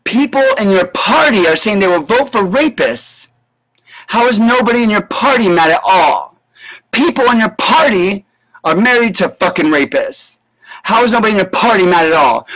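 A man's voice: sits high, fairly bright tone, poor audio. Profane, sarcastic ranting man. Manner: profane, sarcastic and indignant, with sudden yelps. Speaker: political commentator. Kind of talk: ranting live-stream commentary.

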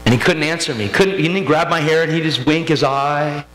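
A man preaching a sermon, telling a personal testimony with emotional intensity that builds toward near-shouting. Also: a little high, fairly quick, a little hiss or hum, rough recording.

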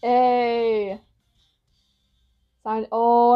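A woman hosting a reaction video, talking casually with excited gushing outbursts and rambling, apologetic asides. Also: fairly high pitch, slow pace, pauses often, lo-fi sound, soft background music.

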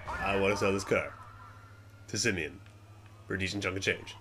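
A young man giving casual gameplay commentary, swearing often and muttering to himself, then yelling at other players. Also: sits low, normal speed, long pauses, slight background noise.

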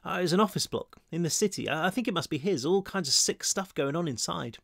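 A man's voice: fairly high pitch, animated, a little fast, gravelly, fairly bright tone, no room sound, clean studio sound, voice pushed up, exaggerated voice. A man voicing a scruffy, practical teenage boy who talks in a matter-of-fact, grim way.

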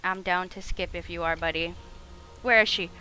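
A young woman streaming a game, excitable and profane, swinging from shouts to hushed asides. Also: lowish voice, moderate pace, low-quality recording. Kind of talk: live game stream commentary.

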